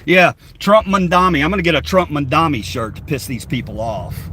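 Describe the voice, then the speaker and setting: A slightly high voice, sharp-toned and lively, moves fairly quickly, with a little hiss or hum in the background. A middle-aged man on a phone livestream in his moving car reads the chat aloud and answers with profane, sarcastic combativeness.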